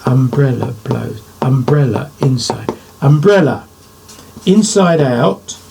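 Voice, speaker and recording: A man's voice: mid-range voice, expressive, takes it slowly, gravelly, mellow, slight background noise. An older man, a poet, giving a writing lesson to children, thinking aloud as he drafts and praising imagined answers.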